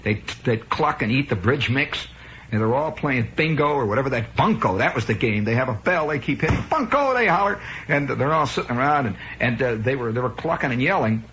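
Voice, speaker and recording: Wry, bright-voiced storytelling man. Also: medium pitch, a little fast. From American Midwest. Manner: rambling storyteller, wry, restarts and asides. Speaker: radio host. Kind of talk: improvised radio monologue. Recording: dull lo-fi radio broadcast with faint hiss.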